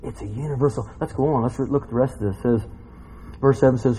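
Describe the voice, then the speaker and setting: A man preaching a sermon, swinging between hushed reading and loud excited exclaiming with bursts of laughter. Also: mid-range voice, a little fast, a little hiss or hum, low-quality recording.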